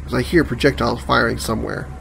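A man's voice: medium pitch, fairly even intonation, quick pace, creaky, a bit bright, a little hiss or hum. Man muttering through a horror game. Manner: muttering, swearing reactions. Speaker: let's play gamer. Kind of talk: casual gameplay commentary. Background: game music and sound effects.

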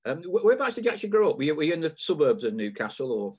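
A man's voice: on the high side, big pitch swings, racing, darkish tone, husky. A man hosting a podcast, asking rambling, chatty questions with lots of fillers. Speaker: podcast host. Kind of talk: casual interview.

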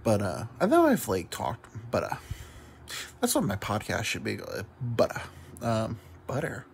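A man's voice: lowish voice, wildly swooping pitch, unhurried, creaky, a little hiss or hum. A drunk man rambling to the camera, self-deprecating and full of fillers. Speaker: YouTube comedian. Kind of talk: rambling confessional monologue to camera.

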